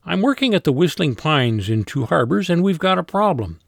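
A man's voice: fairly high pitch, big pitch swings, moderate pace, vocal fry, dry recording, clean studio sound, pitched above the performer's own voice. Sarcastic woman, voiced by a man. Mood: persuasive. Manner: sarcastic, blunt. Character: sarcastic blunt woman, nursing home coworker. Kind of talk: audiobook character voice.

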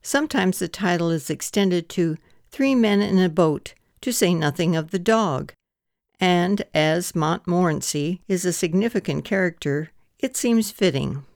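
A woman giving a measured, formal introduction to an audiobook series. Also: on the low side, expressive, vocal fry, a little mellow, dry recording, clean studio sound. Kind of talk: scripted introduction.

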